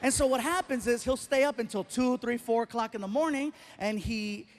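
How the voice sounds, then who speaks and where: On a live stage, a middle-aged stand-up comedian talks fairly quickly in an extremely high-pitched voice. His delivery is animated, full of exaggerated tales and punchlines.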